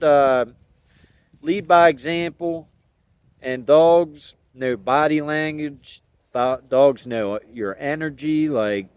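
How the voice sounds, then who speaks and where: A man rambles in a laid-back, folksy way about raising his dogs, dropping slang as he goes. His voice sits a little high for a man. The recording is dry, with no room echo. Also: smooth. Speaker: dog owner sharing training thoughts. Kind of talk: casual outdoor vlog talk.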